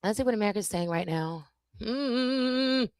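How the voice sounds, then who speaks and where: A woman content creator chatting casually and jokingly to her viewers on a live stream, animated and self-interrupting. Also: a little high, unhurried, clear, resonant tone, no room sound.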